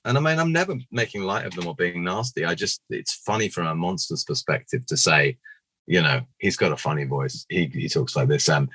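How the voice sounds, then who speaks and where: A middle-aged British man with a deep, husky voice and a bright, forceful edge. He tells animated stories in a casual interview, dropping lively acted quotes along the way. The sound is dry and close. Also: brisk, no room sound, low-quality recording. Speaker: puppeteer guest.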